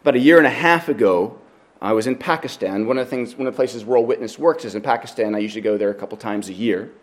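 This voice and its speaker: Speaking at a quick pace and medium pitch, a pastor moves passage by passage through scripture in an expository sermon. Stories make him more animated, and he occasionally restarts a sentence.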